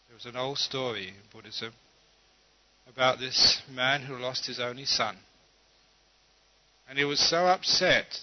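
A man giving a Buddhist dharma talk and telling a teaching story in a calm, measured way. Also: medium pitch, lo-fi sound.

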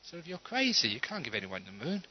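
A man's voice: medium pitch, huge pitch swings, fast talker, husky, muffled recording. A man voicing an earnest rich grieving father.

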